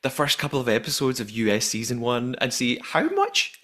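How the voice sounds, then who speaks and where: A man's voice: mid-range voice, wildly swooping pitch, a little fast, pushed and bright. A man hosting a podcast in casual chat, laughing often and restarting sentences. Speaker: podcast host.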